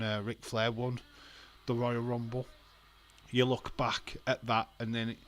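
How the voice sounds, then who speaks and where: A man talking through a wrestling watch-along in a loose, casual way. He is blunt and opinionated, ranting and swearing freely, and his voice sits at an ordinary mid pitch for a man. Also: a bit bright. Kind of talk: casual live commentary.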